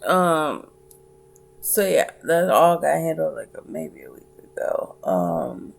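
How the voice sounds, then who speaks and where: A tired young woman vlogging in casual chat, halting with many fillers and restarts. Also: low-pitched, animated, vocal fry.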